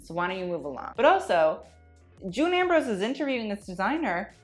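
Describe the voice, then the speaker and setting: A woman's voice: medium pitch, big pitch swings, a little fast. A woman giving sarcastic, profane, gossipy commentary on a red carpet, with faint music behind her. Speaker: fashion commentator. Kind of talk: casual commentary.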